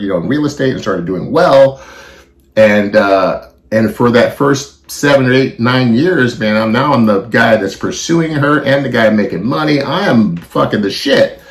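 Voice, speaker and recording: A man's voice: medium pitch, reverberant. A middle-aged man hosting a podcast, talking bluntly and emotionally with heavy swearing in a confessional monologue. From California. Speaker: podcast host.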